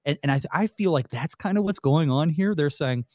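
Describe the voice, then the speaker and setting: A man's voice: brisk, no echo, studio quality. A man who is a pastor and guest on a radio Bible study, talking thoughtfully and acting out examples. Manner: thoughtful, uses lively pitch to act out examples.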